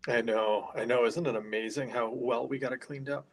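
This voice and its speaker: A man who keeps up a haunted hospital, talking casually and keeping his voice low in an interview, with a headset inside the building. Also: fairly even intonation, brisk, poor audio. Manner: talks quietly, keeping his voice down. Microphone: earpiece headset.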